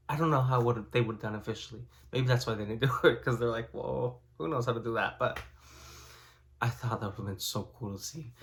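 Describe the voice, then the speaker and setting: A man giving a casual spoken book review, rambling and filling his talk with "you know" and "like". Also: medium pitch.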